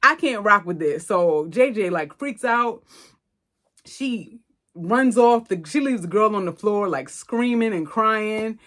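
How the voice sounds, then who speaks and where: A woman podcast host talks through a movie plot in loose, colloquial storytelling. Her voice sits at an ordinary middle pitch, and she reacts freely as she goes. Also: takes it slowly. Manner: chatty and expressive, slangy, loose storytelling. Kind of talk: casual movie recap.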